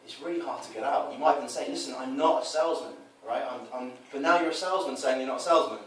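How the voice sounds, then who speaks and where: A man's voice: mid-range voice, rapid-fire. Man, casual coaching chat, acts out quoted lines, very echoey room, distant mic. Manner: animated, acts out quoted lines in changed voices. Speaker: dating coach. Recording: roomy echo, mic from a distance, faint noise.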